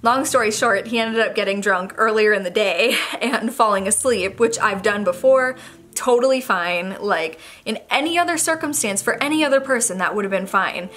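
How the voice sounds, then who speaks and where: A woman's voice: mid-range voice, moderate pace, a bit bright. A young woman speaking candidly to a camera on a tripod in her bedroom, rambling through an emotional confession. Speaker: vlogger. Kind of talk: personal talk to camera.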